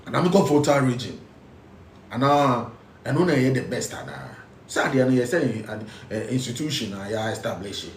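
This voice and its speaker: A man's voice: medium pitch, animated, moderate pace, roomy sound, recorded from a distance, slight background noise. A man with a Ghanaian accent, speaking as a spiritual teacher, emphatic and repetitive, switching between English and local phrases. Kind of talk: preaching talk.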